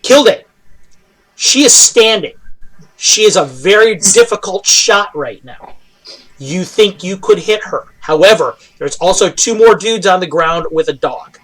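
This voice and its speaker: Narrating a fantasy battle, a male game master rolls through the action haltingly, pausing often with ums and uhs as he calls each hit and miss. His voice is high-pitched, animated, and a bit bright.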